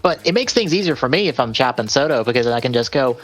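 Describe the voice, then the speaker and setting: A man's voice: mid-range voice, expressive, quick pace, fairly bright tone, faint music behind. A man co-hosting a gaming podcast, chatting casually and reading out game release lists, rambling and correcting himself. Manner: rambling, self-correcting, laughs often. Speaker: podcast co-host.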